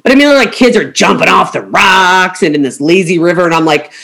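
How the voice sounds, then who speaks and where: A woman's voice: fairly low pitch, lively intonation, a little fast, creaky, a bit bright. A middle-aged woman, a travel agent and podcast host, chatting casually and acting out the quotes in her travel stories. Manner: chatty storyteller, acts out quotes. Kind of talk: casual chat.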